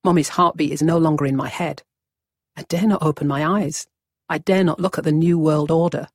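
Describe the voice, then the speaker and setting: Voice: medium pitch, fairly even intonation, brisk, dry recording, clean studio sound. A narrator, reading a vivid, wry first-person story as scripted narration.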